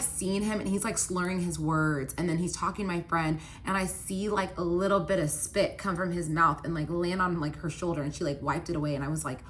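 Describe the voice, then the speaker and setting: A woman's voice: fairly low pitch, fairly bright tone, slight background noise. A young woman casually telling a personal story, chatty and full of "like" fillers. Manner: chatty, many "like" fillers, upset retelling.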